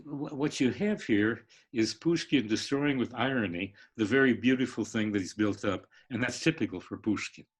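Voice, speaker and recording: An older man, a literature professor, explaining in a halting lecture style with many pauses and restarts. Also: medium pitch, slightly rough. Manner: halting, many fillers and restarts, sings rhythms. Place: online live stream.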